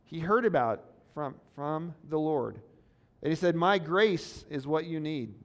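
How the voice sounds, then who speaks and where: A man's voice: fairly high pitch, lively intonation, a little slow. A man preaching a sermon in an earnest, conversational way, asking the congregation rhetorical questions. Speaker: pastor.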